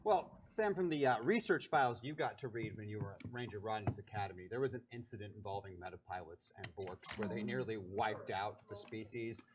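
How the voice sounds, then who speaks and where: A woman's voice: rumbling low, brisk, few pauses, background noise. A woman narrating a tabletop role-playing game as game master, in a descriptive, matter-of-fact storytelling manner.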